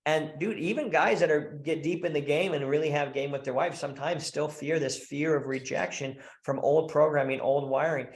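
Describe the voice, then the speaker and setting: A man's voice: fairly high pitch, echoey room. A man as a podcast guest, talking bluntly and profanely as a coach for married men, slipping into quoted voices as he tells stories. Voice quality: profane, blunt, animated storytelling. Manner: acts out quoted voices mid-sentence. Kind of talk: podcast interview.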